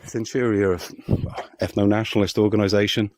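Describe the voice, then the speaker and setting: A man ranting angrily as a political commentary vlogger, sweary and heated with loud outbursts. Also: on the low side, flat delivery, fairly quick, over music. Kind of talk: angry profane rant.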